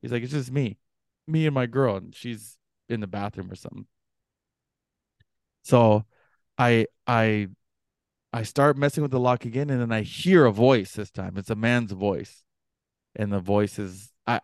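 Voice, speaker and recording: A young man co-hosting a podcast, telling a story casually and acting out the other people's voices with big jumps in pitch. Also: measured pace, long pauses, clean tone, no echo, studio quality. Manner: animated, acts out quoted voices with pitch jumps. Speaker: podcast co-host.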